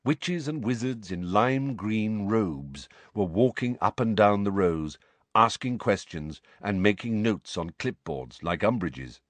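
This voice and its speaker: A man reads a storybook aloud in a measured, expressive manner. His pitch moves around a lot as he tells it. The recording is dry and close, with no room sound. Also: no echo. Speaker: audiobook reader. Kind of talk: storybook narration.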